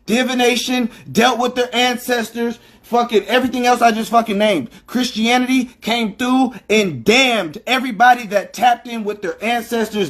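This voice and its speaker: A man hosting a livestream, talking in a profane, emphatic, preachy monologue into his phone. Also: high voice. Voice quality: heavy swearing, emphatic and preachy. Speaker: livestream host.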